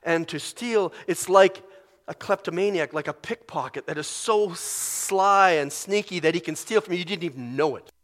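A male preacher giving a sermon in an animated, conversational way, often acting out inner voices. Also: sits high, moderate pace. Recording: long reverb of a large hall.

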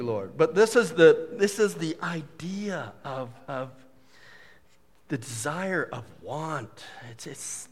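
A man preaching a casual, jokey sermon as a pastor, full of folksy asides and quick humor. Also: sits high, long reverb tail. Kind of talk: conversational sermon.

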